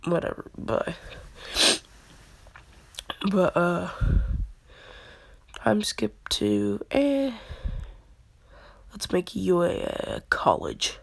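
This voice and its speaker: Husky, laid-back woman telling a story. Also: lowish voice, wildly swooping pitch, extremely slow, pauses often. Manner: slangy and laughing often. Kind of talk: casual fan-fiction storytelling.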